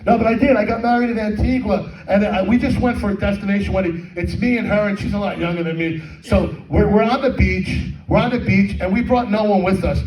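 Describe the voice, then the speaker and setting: In this stand-up set, the middle-aged comedian speaks in a high, darkish voice, fairly quick and fairly even in intonation, with barely any pauses. He does crude, rambling, self-mocking crowd work at a comedy fundraiser hall full of audience members, recorded from a distance amid echo.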